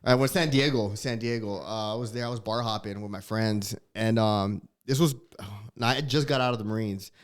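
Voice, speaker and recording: A man's voice: on the low side, normal speed, hardly any pauses. A man chatting as a comedian guest on a podcast, telling stories in a profane, slangy way with frequent laughter. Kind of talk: casual storytelling chat.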